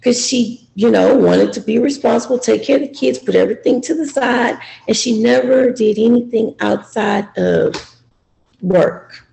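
Woman telling her story at a seminar, really gravelly voice, warm and dark, kinda hesitant. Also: a little high, normal speed, poor audio. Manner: reflective, hesitant. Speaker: seminar participant. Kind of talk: personal testimony.

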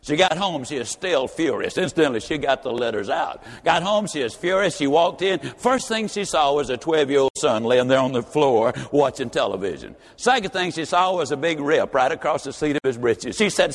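Animated male speaker in a reverberant hall. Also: medium pitch, moderate pace. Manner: animated, acts out every character. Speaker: motivational speaker. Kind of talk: motivational speech with acted-out story.

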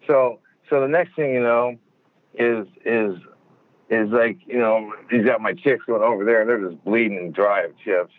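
A man's voice: fairly low pitch, normal speed, no echo. A man telling stories as an interview guest over the phone from a car, swearing a lot and rambling with many fillers. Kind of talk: storytelling interview. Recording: tinny phone line.

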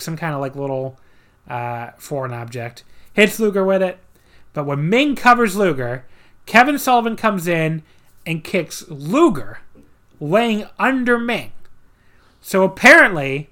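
A podcast host chatting casually through a wrestling match recap, full of sarcastic asides and filler words. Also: male voice, on the high side, fairly bright tone. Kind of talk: casual wrestling review chat.

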